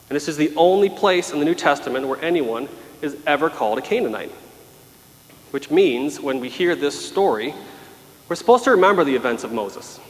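A man preaching a sermon, emphatic and dramatic, acting out pleas as he goes. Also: fairly high pitch. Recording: long hall reverb.

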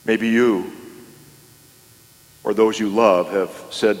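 Slow, low-voiced man preaching in a hall. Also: steady tone. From New Mexico. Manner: measured preaching with dramatic pauses and rising emphasis. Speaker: pastor. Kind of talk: sermon. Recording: long reverb of a hall.

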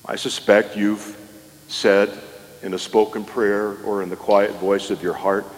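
A male pastor delivering a sermon in a church, with measured pauses and rising emphasis. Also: on the low side, little pitch movement. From New Mexico. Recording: long reverb of a hall.

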